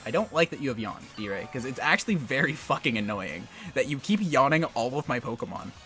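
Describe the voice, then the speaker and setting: A man's voice: mid-range voice, lively intonation, fairly quick, bright, forceful tone, faint music behind. A young man giving live commentary on his own competitive game match, trash-talking his opponent between bits of strategy. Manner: musing strategy talk under his breath.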